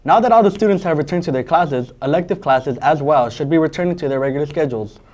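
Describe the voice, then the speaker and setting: A teenage boy anchors a student news broadcast with quick, upbeat scripted reading. His voice sits fairly high and moves at a fast clip. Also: a little mellow, dull audio. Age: teens.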